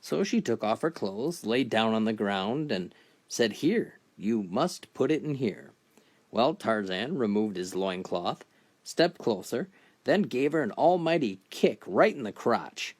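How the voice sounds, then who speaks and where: Deadpan man telling dirty jokes. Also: unhurried. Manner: deadpan storytelling, briefly lifting pitch for characters. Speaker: joke teller. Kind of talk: narrated dirty jokes with quick character voices.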